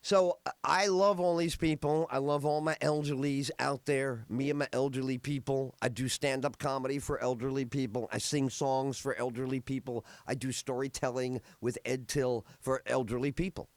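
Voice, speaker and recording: A man's voice: medium pitch, fairly even intonation, normal speed, few pauses, no room sound. A middle-aged man hosting a podcast, telling rambling stories in a casual chat with many fillers. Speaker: podcast host.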